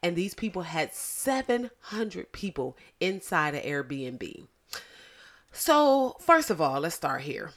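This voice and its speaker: Woman, lisp, low-ish voice, blunt, profane, animated podcast talk. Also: takes it slowly. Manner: animated, blunt and profane, addressing listeners as y'all. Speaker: podcast host. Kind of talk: casual podcast commentary.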